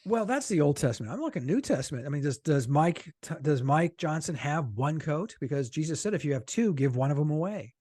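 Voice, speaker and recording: A middle-aged man from the United States co-hosting a political podcast, animated and quick to laugh, with blunt, salty asides. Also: fairly high pitch, no room sound, clean studio sound. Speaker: podcast co-host, political cartoonist. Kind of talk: casual political chat.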